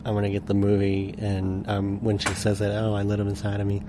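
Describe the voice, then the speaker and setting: A man's voice: fairly low pitch, monotone, a little fast, noisy background. A man co-hosting a podcast in casual chat, rambling with lots of filler words. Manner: rambling, many "like" fillers, laughs often. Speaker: podcast co-host.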